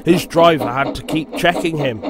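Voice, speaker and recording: A man narrating a storybook in a slow, measured reading. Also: on the high side, a loud crowd. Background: background music.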